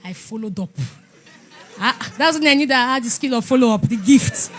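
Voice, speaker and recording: Animated high-voiced woman pastor. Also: brisk. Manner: animated storytelling, laughing and exclaiming. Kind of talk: testimony sermon.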